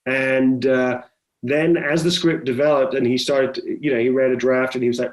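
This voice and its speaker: A man's voice: medium pitch, normal speed. Chatty middle-aged man telling stories. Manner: chatty, animated storyteller with many restarts. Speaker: film director guest. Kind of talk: conversational interview.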